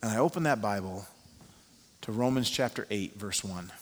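A male pastor preaching a sermon as an animated storyteller who uses many fillers. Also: on the low side, moderate pace. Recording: long reverb of a large hall.

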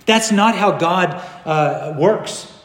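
A high-voiced man preaching a sermon in a church hall, his voice ringing with long reverb. He swings between loud, animated stretches and low, hushed passages. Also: slow pace. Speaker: pastor. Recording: echoey hall.

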